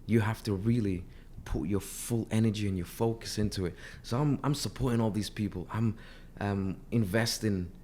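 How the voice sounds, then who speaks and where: A man who has lost his voice speaks hoarsely as an interview guest, earnest and often repeating words as he starts a sentence. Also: lowish voice, normal speed, hardly any pauses, a little mellow, slight background noise. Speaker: artist manager, guest. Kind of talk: casual interview talk.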